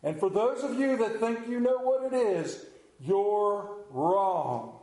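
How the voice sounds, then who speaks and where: A man telling a folksy story with a dramatic, drawn-out delivery and slowed emphasis. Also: high voice, mellow. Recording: roomy echo.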